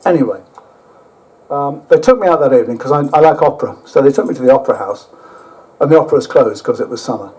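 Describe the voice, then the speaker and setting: An older man giving a rambling travel talk with slides, halting often and dropping blunt, sweary asides. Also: medium pitch, a little mellow, low-quality recording. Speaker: guest speaker.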